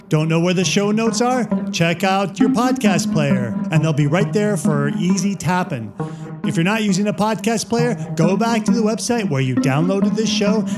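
A man hosting a podcast, affirming his guest and reading the outro. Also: high voice. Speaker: podcast host.

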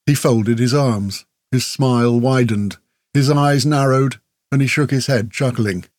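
A man reading a story as audiobook narrator, measured and steady. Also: medium pitch, no echo, studio quality. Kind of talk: scripted narration.

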